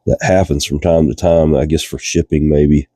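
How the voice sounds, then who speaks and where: A man's voice: a bass voice, normal speed, no room sound, studio quality. A man with a Virginian accent and a stuffed-up voice from a cold, chatting casually while repairing a fishing reel in a cold garage. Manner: relaxed, chatty, thinking aloud with fillers. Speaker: reel repair channel host. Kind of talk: casual workshop narration.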